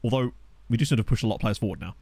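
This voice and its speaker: A young man giving chatty, excitable live commentary on a football management game while streaming and answering his chat. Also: lowish voice, rapid-fire, slightly rough, dry recording. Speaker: gaming streamer. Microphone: desk USB microphone.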